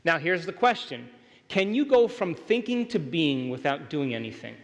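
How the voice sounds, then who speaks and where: A man's voice: on the high side, very animated, moderate pace, slight background noise. Emphatic man lecturing in a reverberant hall. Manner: emphatic, keeps checking in with the audience. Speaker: workshop speaker. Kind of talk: motivational lecture to a live audience.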